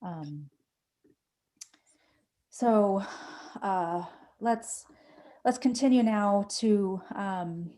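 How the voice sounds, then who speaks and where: A woman moderating a panel discussion, speaking in a measured, thoughtful way. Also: medium pitch, mellow.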